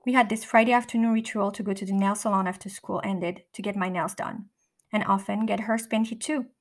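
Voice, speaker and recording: A woman's voice: mid-range voice, fairly even intonation, brisk. A middle-aged woman reading her own memoir in the first person, candid and blunt, with occasional restarts and swearing. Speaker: memoir narrator.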